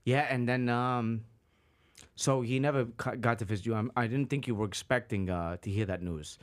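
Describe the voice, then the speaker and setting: Male podcast host, mid pitch; casual, halting, filler-heavy, swears. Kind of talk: casual interview chat.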